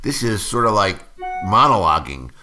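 A man's voice: fairly low pitch, big pitch swings, moderate pace, sharp tone, faint music behind. An older man, a screenwriter, telling anecdotes in an interview, rambling with many fillers and restarts.

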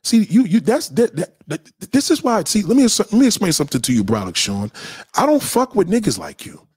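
Brief: young adult male streamer, husky, animated pitch, heated profane slang rant, dry close sound. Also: a little fast, dry recording. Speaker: livestream host answering chat. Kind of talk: casual livestream rant.

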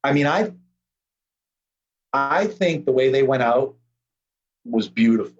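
In slightly dull audio, a man with a mid-range voice talks slowly but animatedly as a podcast guest. His casual conversation rambles in a relaxed way, full of filler words.

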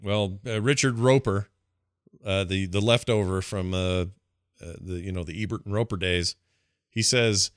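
A fairly low-voiced man trades jokes in an easygoing movie chat and laughs easily. The recording is close and dry, with no room sound. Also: fairly even intonation, normal speed, no echo. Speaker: podcast co-host.

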